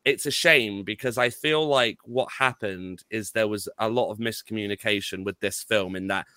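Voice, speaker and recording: A man's voice: fairly low pitch, moderate pace, bright, forceful tone, smooth, dry recording. A man on a podcast, rambling and exasperated about a film, swearing often and restarting his sentences. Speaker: podcast co-host. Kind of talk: casual film review chat.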